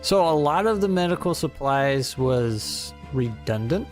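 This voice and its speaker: A game master narrating a tabletop game in loose, halting sentences full of fillers. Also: medium pitch, animated, a little mellow, faint music behind.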